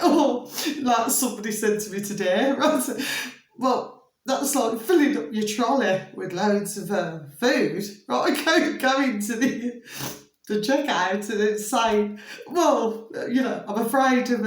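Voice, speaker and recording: A woman's voice: fairly high pitch, slow, reverberant. A middle-aged woman vlogging in a rambling, emphatic monologue, repeating pet phrases and often breaking into giggles. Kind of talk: rambling casual monologue to camera.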